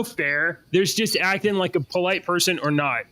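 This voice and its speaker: Bright, slightly high man, blunt opinions. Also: brisk, few pauses. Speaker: podcast co-host. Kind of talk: casual podcast chat.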